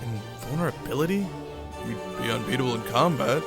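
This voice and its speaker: A man live-streaming a game playthrough, reading out its text and reacting loudly with swearing. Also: medium pitch, unhurried, long pauses. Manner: excitable, swears at surprises. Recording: music playing under the voice.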